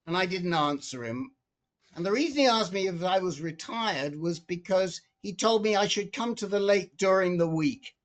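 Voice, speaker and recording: A man with a notably high voice tells a story on a group video call. He gets animated and often restarts and repeats his words as he talks. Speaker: support group member.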